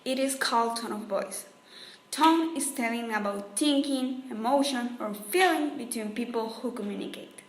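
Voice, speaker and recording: A woman narrating definitions in a class presentation, reading in a measured, deliberate way. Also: a little high, roomy sound. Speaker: student presenter.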